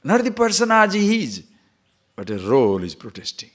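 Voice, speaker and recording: A man, a spiritual teacher giving a conversational scripture lecture, posing rhetorical questions and chanting verses slowly. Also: sits high, huge pitch swings, fairly bright tone.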